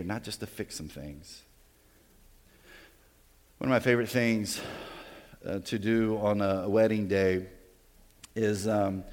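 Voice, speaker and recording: A male pastor giving a sermon, animated, rising loud in vivid stories and dropping soft on key lines. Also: mid-range voice, big-room sound.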